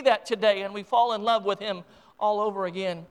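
A man's voice: high-pitched, steady tone, brisk, clean tone. An American man preaching a sermon as pastor, impassioned and emotional, with frequent restarts and repeated words.

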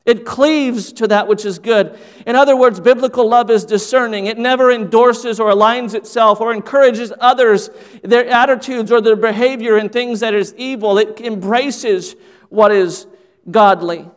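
A man's voice: very high-pitched, normal speed, smooth. A male pastor preaching a sermon earnestly, repeating phrases for emphasis, in a church. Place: church sanctuary. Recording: long hall reverb.

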